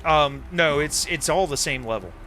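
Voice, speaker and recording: Casual, halting male game master. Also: on the high side, bright, forceful tone, slight background noise. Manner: casual, halting with many fillers. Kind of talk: narrating a tabletop game.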